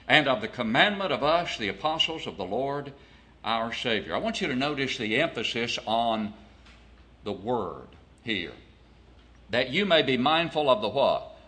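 A man preaching an expository sermon, reading scripture and explaining it in a deliberate way, with rhetorical questions to the congregation. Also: medium pitch, animated, a bit bright.

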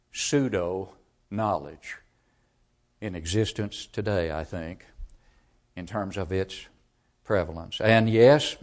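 A man preaching a sermon, retelling a children's story in an emphatic voice that rises to loud peaks. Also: mid-range voice.

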